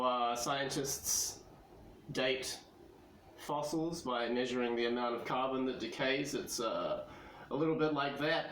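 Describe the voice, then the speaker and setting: A New man chatting through a homemade vlog in an easygoing, rambling way, stumbling over fillers as he goes. His mid-range voice sounds roomy, with loud traffic rumbling outside. He talks at an unhurried pace. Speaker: vlogger. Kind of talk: casual vlog talk. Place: home kitchen, then outside by the back door.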